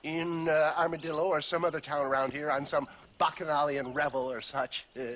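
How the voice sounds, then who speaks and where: A man's voice: on the high side, flat delivery, brisk, a bit bright, natural voice. An actor playing a pompous, wordy older snake-oil salesman who talks in florid, theatrical phrases. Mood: smug. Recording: game audio with background noise.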